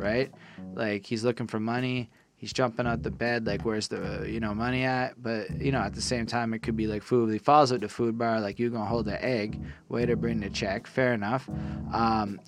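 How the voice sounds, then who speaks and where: Young man from quebec, low-pitched voice, excitable and self-mocking, swears a lot, casual music review. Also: normal speed. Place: his room.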